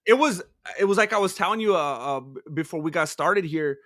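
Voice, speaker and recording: A man's voice: a little high, animated, a little fast, a bit bright, no room sound, studio quality. A man co-hosting a podcast in casual chat, opinionated and rambling. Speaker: podcast co-host.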